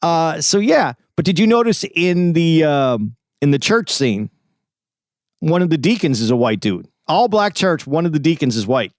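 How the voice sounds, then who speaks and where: A man's voice: a little high, very animated, normal speed, dry recording. Man reminiscing in a dry podcast chat. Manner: reflective storytelling, many restarts. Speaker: podcast co-host.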